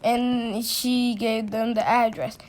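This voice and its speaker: A woman telling a personal story in a casual storytime, halting often with restarts and fillers. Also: fairly high pitch, level tone, a little mellow, a little hiss or hum.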